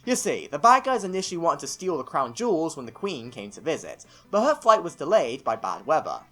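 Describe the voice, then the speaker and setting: English guy doing a scripted show review, really lively up and down voice, sarcastic and opinionated. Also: a little high, fairly quick. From England. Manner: opinionated, with sarcastic mini-rants. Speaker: film and TV reviewer. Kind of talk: scripted video review narration.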